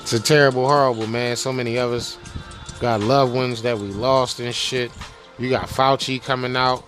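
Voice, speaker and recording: A male podcast host in a casual rant, animated and profane, using street slang and firing rhetorical questions. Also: medium pitch, normal speed, soft background music.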